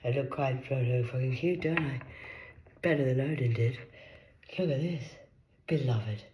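A British woman with a notably low voice talks straight to her viewers in a rambling monologue. She lurches between hushed, breathy asides and loud, gleeful boasts, swearing as she goes. A faint hiss of noise sits behind her. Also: moderate pace. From United Kingdom. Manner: erratic, swinging from hushed whispers to loud excited outbursts; swears freely, defiant and boastful. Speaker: vlogger.

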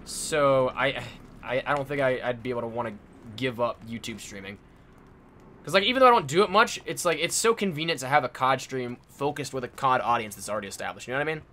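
A man chatting through a battle royale match on his stream, words tumbling out quickly. His tone is bright and sharp, excitable and friendly with his teammates. His voice sounds slightly strained, as if he is losing it. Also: mid-range voice. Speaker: gaming streamer and YouTuber. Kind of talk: casual gameplay chat with teammates.

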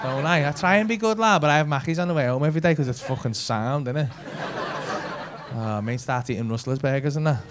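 Brash, sweary Liverpool comic. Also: male voice, on the high side, fast talker. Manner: brash, sweary, teasing banter. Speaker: stand-up comedian. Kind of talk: crowd work stand-up. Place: comedy club stage with a live audience. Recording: live club audio with crowd laughter noise.

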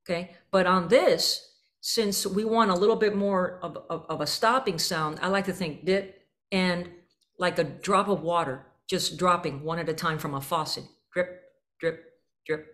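A woman's voice: lowish voice, moderate pace, a bit bright. A woman leading a band rehearsal clinic, coaching players with vivid images and singing out the syllables and rhythm phrases. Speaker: jazz clinician.

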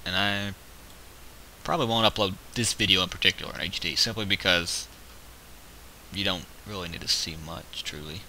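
Over a rough recording with a faint hiss, a man with a low, bright, forceful voice comments at normal speed on the strategy game he's playing. The casual let's-play host rambles along and counts his units out loud.

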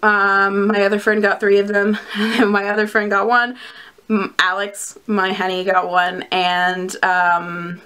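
A woman's voice: medium pitch, flat delivery, measured pace, sharp tone, a little hiss or hum. A young woman chatting casually to camera in a vlog, giggly and bubbly, often laughing between her words. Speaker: vlogger reviewing plush collectibles.

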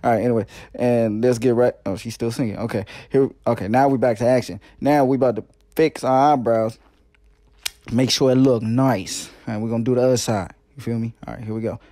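A man's voice: medium pitch, steady tone, fairly quick, mellow, no echo, clean studio sound. A man doing a comedic parody voiceover of a makeup video, playful and slangy, with joking asides.

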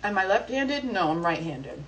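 A young woman hosting a live stream from home, chatting casually and telling a story in an animated, slangy way with plenty of cursing. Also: medium pitch, moderate pace. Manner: animated, slangy and profane, with exclamations. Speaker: live-stream host answering viewer questions. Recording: voice a bit distant from the mic, faint background noise.

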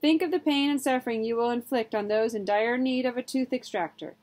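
A woman's voice: on the high side, brisk, darkish tone, natural voice. A woman voicing a dignified butler who speaks formally and makes a persuasive courtroom-style speech. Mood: orating. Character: proper, dignified English butler turned gold seeker, eloquent.

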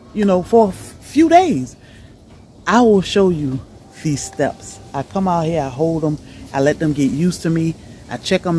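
A chatty middle-aged woman talks to her viewers outdoors beside her rabbit hutches, her delivery lively and animated. She laughs often and keeps an easy, casual tone. A faint hum of outdoor ambience sits behind her. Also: low voice. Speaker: homestead vlogger.

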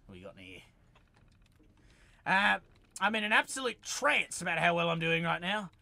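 A young man streaming a game, narrating as he plays and yelling excited taunts and battle cries at enemies. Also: sits high, normal speed, gravelly, no room sound. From Australia. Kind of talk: let's-play gaming commentary.

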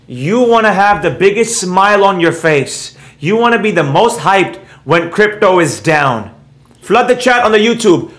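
A high-voiced middle-aged man talks straight to his viewers in a brash, lecturing way, repeating himself for emphasis. He shifts into reading chat names and answering them off the cuff. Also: normal speed. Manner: animated, repeats points for emphasis. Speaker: trading educator and channel host. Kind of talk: casual monologue to viewers, reading live chat.

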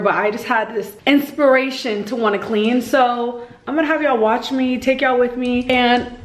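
A woman's voice: a little high, slight background noise. A young woman vlogging at home in a casual, chatty way, talking to viewers and coaxing her toddler. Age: young adult. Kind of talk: casual vlog talk to camera. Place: home kitchen and living room, indoors. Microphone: camera set up in the room. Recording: echoey room.

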